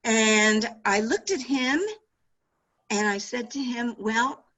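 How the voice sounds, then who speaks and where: Bright, husky-voiced woman telling stories. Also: fairly high pitch, slow pace, poor audio. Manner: animated anecdotes with laughter and restarts. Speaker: author and former sportswriter. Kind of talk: storytelling interview answers.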